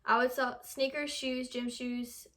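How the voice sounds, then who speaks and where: Young american woman, kinda high voice, reading quiz stuff casually, trips on words sometimes. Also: level tone, unhurried, pushed and bright, slight background noise. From United States. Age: young adult. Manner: reads questions aloud, stumbles over words. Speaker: vlogger.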